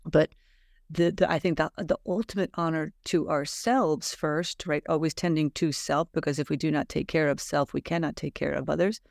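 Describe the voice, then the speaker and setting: A woman's voice: low-pitched, fairly even intonation, normal speed, gravelly, a little mellow, no room sound, studio quality. A middle-aged woman hosting a heartfelt podcast conversation, speaking earnestly and emphatically with spiritual encouragement. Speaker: podcast host.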